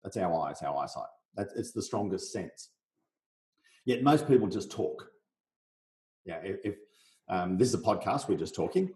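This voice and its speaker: In a roomy, echoing recording, a middle-aged man from Australia speaks in a low, mellow voice. He explains his coaching method as a podcast guest with lively energy, and he keeps slipping into short acted sales exchanges. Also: normal speed, long pauses. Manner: energetic, role-plays sales conversations. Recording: roomy echo.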